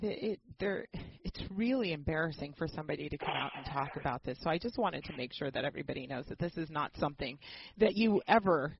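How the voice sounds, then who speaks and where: A talk show host asking deliberate, halting questions of a caller. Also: mid-range voice, gravelly, slightly rough, muffled recording. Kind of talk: interview questioning.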